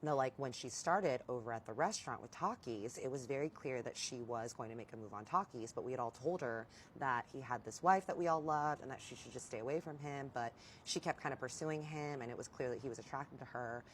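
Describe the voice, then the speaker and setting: A woman's voice: extremely low pitch, brisk, hardly any pauses, a little hiss or hum. A woman telling a story in casual vlog style, candid, swearing freely and addressing her viewers directly. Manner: animated when quoting herself. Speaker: storytime vlogger.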